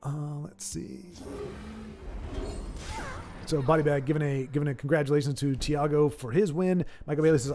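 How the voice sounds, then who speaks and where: A man's voice: fairly high pitch, steady tone, moderate pace, pauses often, mellow, slight background noise. Rambling, jokey male game streamer. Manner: rambling, self-correcting, jokey. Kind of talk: casual live-stream commentary, reading chat aloud.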